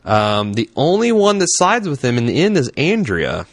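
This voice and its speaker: A man's voice: medium pitch, wildly swooping pitch, normal speed, no echo. A man co-hosting a casual podcast, joking around and reading an episode synopsis aloud. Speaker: podcast co-host.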